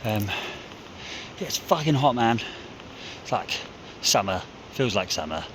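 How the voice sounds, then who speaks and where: Background noise surrounds a low-voiced New Zealand hunting vlogger who climbs a mountainside while rambling casually to his phone camera. He's out of breath, dehydrated, and frustrated, swears often, and speaks unhurriedly with big swings in pitch.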